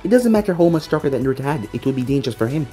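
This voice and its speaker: Lively, expressive fan-fiction storyteller. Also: medium pitch, very fast, faint music behind. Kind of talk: read-aloud fan-fiction narration.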